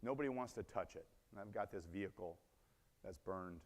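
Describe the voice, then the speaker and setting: A man's voice: deep voice, moderate pace. A man giving a conference keynote, telling a story animatedly, acting out the scenes and asking the audience questions. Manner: animated, acts out scenes, asks the crowd questions. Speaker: conference speaker. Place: large conference hall. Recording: long reverb in a large hall.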